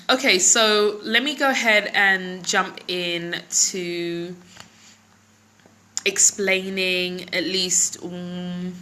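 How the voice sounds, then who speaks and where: A woman's voice: on the low side, bright, forceful tone, low-quality recording. A middle-aged woman hosting a casual live stream from her phone, chatting with viewers and greeting them by name between thoughts, with many ums.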